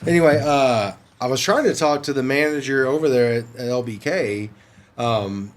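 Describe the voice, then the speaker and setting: A man who is a paranormal investigator, telling lively stories in a casual podcast chat. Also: medium pitch, moderate pace. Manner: animated storyteller, laughs while talking.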